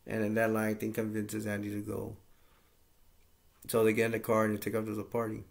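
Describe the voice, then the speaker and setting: A man's voice: on the low side, completely flat delivery, fairly quick, vocal fry. A man casually recapping a movie plot in a rambling, plain-spoken way with lots of fillers. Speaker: movie reviewer.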